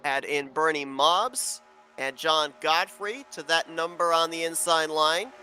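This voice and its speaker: Bright-voiced man calling a sim race. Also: fairly high pitch. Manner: steady, informative, builds excitement on the close racing. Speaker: race commentator. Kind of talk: sim racing play-by-play commentary.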